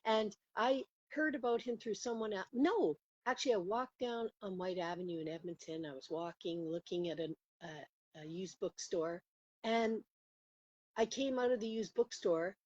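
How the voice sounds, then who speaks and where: A woman tells a story in casual conversation, animated and quick to laugh. Her voice is husky and breathy. The recording is dry and a little muffled. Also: mid-range voice, dry recording. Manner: animated, laughing, acts out quotes with rising voice. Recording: muffled lo-fi audio.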